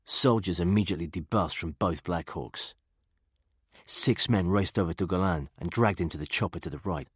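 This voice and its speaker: Deep husky male audiobook narrator. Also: no echo, studio quality. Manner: steady, measured reading. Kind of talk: scripted narration.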